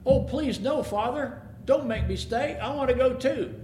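A man's voice: very high-pitched, moderate pace, darkish tone, a little hiss or hum, pitched above the performer's own voice. A man voicing an earnest young shepherd boy, pleading in a raised, eager voice. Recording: echoey room.

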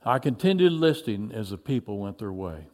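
A man narrating a biblical story in the first person in an expressive way, dropping low for reflective passages. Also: brisk.

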